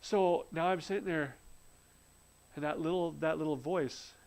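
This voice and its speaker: Man, slightly high voice, earnest faith testimony, storytelling with restarts. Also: a little slow, poor audio. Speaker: speaker sharing a faith testimony. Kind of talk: live-streamed spoken testimony.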